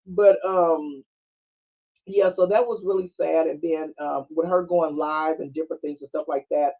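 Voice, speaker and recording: At a normal speed, a high-voiced man hosts an easygoing podcast where he retells a movie scene by scene with a Black flavor. He's animated, acting out lines and laughing often, over somewhat dull, lo-fi streaming audio.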